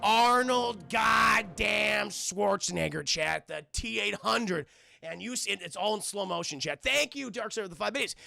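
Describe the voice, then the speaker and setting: A man reviewing a film on a livestream, excitable and profane, constantly talking to his chat. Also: sits high, normal speed, creaky, no room sound, faint music behind.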